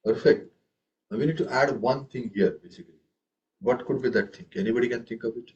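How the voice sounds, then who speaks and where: A man leads a tabla lesson at a steady, mid-range pitch. He keeps asking his students questions and stresses the first syllable hard when he recites drum phrases. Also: a little fast, highs cut off, slight background noise. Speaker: tabla teacher. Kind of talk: online group music lesson.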